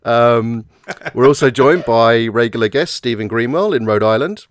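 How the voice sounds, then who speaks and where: A man's voice: medium pitch, moderate pace, dry recording, studio quality. A man from England hosting a podcast in casual, profane, joking chat. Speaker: podcast host.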